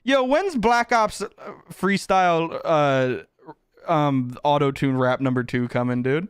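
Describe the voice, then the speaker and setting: A man's voice: on the high side, lively intonation, measured pace, clean tone, dry recording, studio quality. A man streaming live, chatting casually with his chat, joking and swearing as he reacts. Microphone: close desk mic with headphones.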